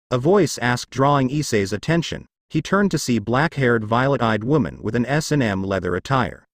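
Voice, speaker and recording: A man's voice: medium pitch, animated, normal speed, hardly any pauses, dry recording, studio quality. A man reading a fanfiction story aloud as narration. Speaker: fanfic reader. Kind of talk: scripted narration.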